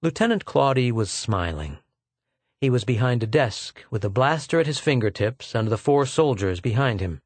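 A man's voice: medium pitch, lively intonation, moderate pace, dry recording. Man with a dry, close narration. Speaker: audiobook narrator. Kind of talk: scripted narration.

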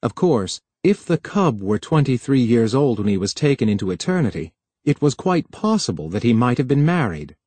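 Brief: male audiobook narrator, measured and even, dry close recording. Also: mid-range voice, slightly rough, dry recording.

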